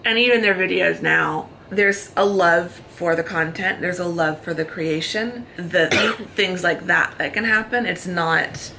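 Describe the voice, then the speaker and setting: A woman in her thirties with an American accent chats easily in a hotel room, one thought running into the next. Her voice sits fairly low yet sounds bright, with a gravelly fry at the ends of her phrases. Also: measured pace, few pauses, slight background noise, low-quality recording. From United States. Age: 30s. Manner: chatty, talks in long run-on thoughts. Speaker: vlogger. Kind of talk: casual chat.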